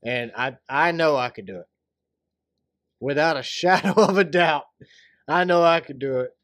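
A man co-hosting a casual podcast, chatting and joking in an animated way. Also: on the high side, normal speed, no room sound, studio quality. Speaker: podcast co-host. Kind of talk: casual chat.

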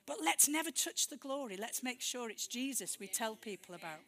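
A woman preaching a testimony sermon, telling stories lively, acting out dialogue and laughing often. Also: on the high side, brisk, hardly any pauses, a faint crowd.

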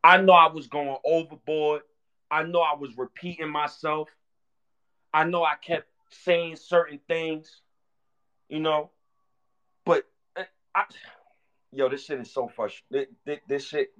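A man's voice: on the high side, steady tone, a little slow, pauses often, sharp tone, dull audio. A man hosting a fan show, ranting heatedly and profanely, repeating himself as he vents. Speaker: sports fan show host.

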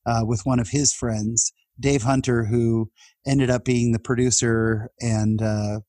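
A middle-aged man from California telling a personal story in conversation, his voice jumping up when excited. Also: medium pitch, unhurried, no room sound. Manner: animated, voice jumps up when excited.

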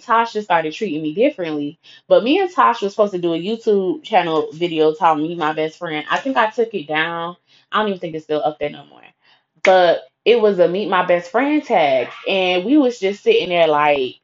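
A woman's voice: on the low side, normal speed, dull audio. Blunt, profane young woman vlogger. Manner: blunt, profane, animated retelling. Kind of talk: storytime monologue.

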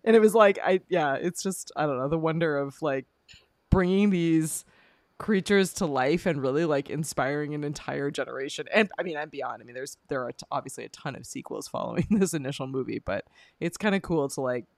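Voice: medium pitch, a little fast, a little mellow, no echo. Chatty podcast host on a dry mic. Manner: rambling, lots of fillers and restarts, laughs often. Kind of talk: casual film review chat.

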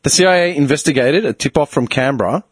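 A young man hosting a casual podcast chat, an animated storyteller who swears freely. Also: on the high side, quick pace, husky, dry recording, clean studio sound. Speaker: podcast host.

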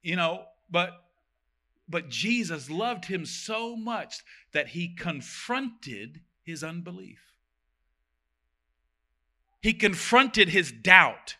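A man preaching a sermon, reading scripture aloud and breaking in with animated, joking comments. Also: high voice, drawn-out words, long pauses. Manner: animated, reads verses then comments with jokes.

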